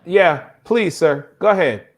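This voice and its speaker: Animated man hosting a sports talk show. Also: a little high, unhurried. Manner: animated, exclaiming, throws questions to panel. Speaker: podcast host.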